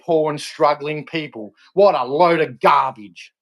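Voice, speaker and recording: A man's voice: fairly high pitch, unhurried, a bit bright. An angry young Australian man in a heated, repetitive rant aimed at a politician. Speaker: vlogger.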